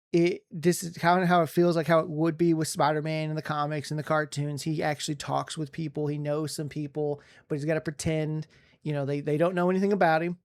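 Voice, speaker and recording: A man co-hosting a casual podcast, reviewing a movie in an excited, rambling way with lots of restarts. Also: on the high side. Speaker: podcast co-host.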